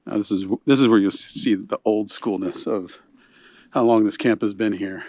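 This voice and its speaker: A man's voice: on the low side, moderate pace, no echo. A man giving a casual walking tour of a hunting camp outdoors, huffing a little in the heat, recorded on a handheld camera. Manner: relaxed, chatty, points things out as he walks.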